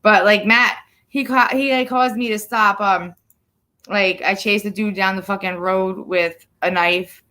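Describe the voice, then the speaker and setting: A young woman co-hosting a couple's livestream, telling stories in a blunt, profane, animated way. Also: medium pitch, unhurried. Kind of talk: casual chat.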